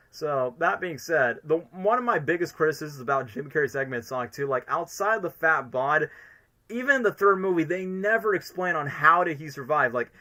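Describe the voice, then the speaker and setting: Bright-voiced enthusiastic male streamer. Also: on the high side. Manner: enthusiastic, rambling, fills every sentence with "literally" and "like". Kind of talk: casual fan commentary on a live stream.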